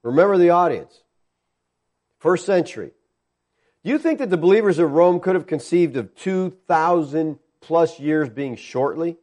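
Man, preacher, sermon, mellow warm tone, slightly high voice, emphatic questions. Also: animated, moderate pace. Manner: emphatic, rhetorical questions to listeners.

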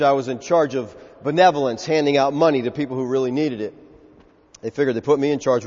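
A pastor preaching a sermon, telling stories with animation and acting out the voices of the people in them. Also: male voice, mid-range voice. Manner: animated storytelling, acts out quoted voices. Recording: dull lo-fi sound with long hall reverb.

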